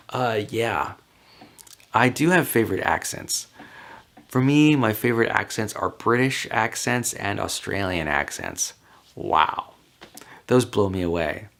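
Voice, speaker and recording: A man with a low, gravelly voice chats on his own, working through a list of questions. He rambles easily, stopping for ums and small laughs as he thinks out loud. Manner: rambling, chatty, with frequent ums and light laughs. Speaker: vlogger. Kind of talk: casual solo talk answering questions.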